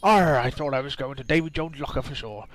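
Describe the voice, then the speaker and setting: A man's voice: medium pitch, fairly quick, fairly bright tone, close to an everyday voice, low-quality recording. A man reading a game's dialogue aloud, voicing a boastful, rum-loving old male pirate with growled "arr"s. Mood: blustering pirate.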